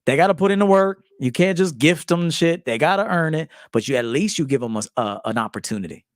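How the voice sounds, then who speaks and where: A man in his forties, a men's life coach, telling stories in a profane, animated casual monologue, acting out quotes. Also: on the high side, a little fast, no room sound, studio quality. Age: 40s. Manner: profane, animated storytelling with acted quotes and laughs.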